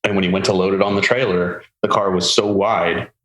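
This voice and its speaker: A man hosting a podcast, telling a long car story in a casual, animated way and acting out the people he quotes. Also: low voice, fairly quick. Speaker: podcast host. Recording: roomy with faint ambient noise.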